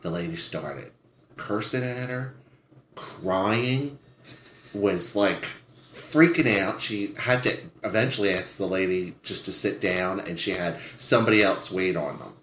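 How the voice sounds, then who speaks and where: A man's voice: deep voice, unhurried, slight background noise. A man, a guest on a podcast, telling a story about a rude customer from his server days and acting out the people in it. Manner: animated, acts out the people in his story, swears freely. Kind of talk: casual storytelling. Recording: echoey room.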